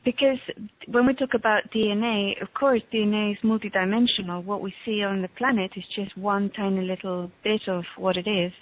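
A woman talks as a guest on a call, slowly and with many pauses as she looks for the right words. Her voice is squeezed through a tinny phone line. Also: mid-range voice. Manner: slow, halting, searching for words. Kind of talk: casual conversation on a call. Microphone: call audio.

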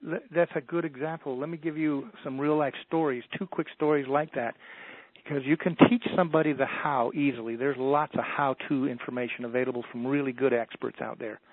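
A man's voice: medium pitch, steady tone, a little fast, dry recording. Folksy storytelling man on a phone line. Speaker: motivational speaker guest. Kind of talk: storytelling in a radio interview. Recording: dry, tinny phone line.

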